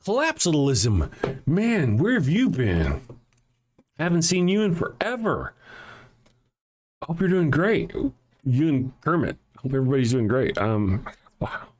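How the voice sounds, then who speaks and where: A man's voice: a little high, measured pace, long pauses, slight background noise. A man hosting a live stream, reading scripture aloud and breaking off into sarcastic, mocking asides. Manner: sarcastic, mocking asides with a lively swooping delivery. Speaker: host.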